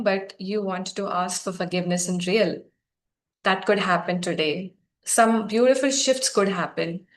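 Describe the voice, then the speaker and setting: A woman facilitating a guided healing session, speaking softly, gently and encouragingly to her group. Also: mid-range voice.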